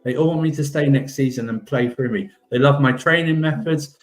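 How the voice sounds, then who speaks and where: Man as defensive football boss, rambling, self-praising, mid pitch, comedic role-play. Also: brisk, lightly acted. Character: embattled male football manager defending his record.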